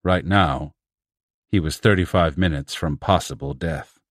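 A man reading a science fiction story aloud in a measured, steady narration. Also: very deep voice, no echo, studio quality. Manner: steady, measured reading with raised voices for quoted characters. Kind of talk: scripted audiobook narration.

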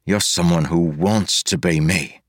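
A man voicing a gruff, wisecracking male fighter who talks in rough street slang. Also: low voice, a little slow, no room sound, clean studio sound.

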